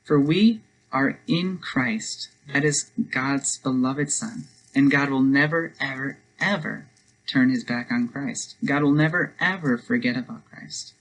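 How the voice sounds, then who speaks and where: A man's voice: medium pitch, measured pace, fairly bright tone, poor audio. A man preaching a devotional sermon, telling a story earnestly and then leading a prayer. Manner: earnest storytelling, speeds up for quoted lines.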